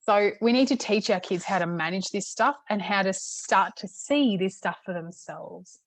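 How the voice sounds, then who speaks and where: A middle-aged woman, a parenting coach, teaching in a casual, chatty way with many "okay"s and a slightly hoarse throat. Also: medium pitch, dry recording. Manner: chatty, repeats "okay" often. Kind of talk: casual talk-to-camera teaching.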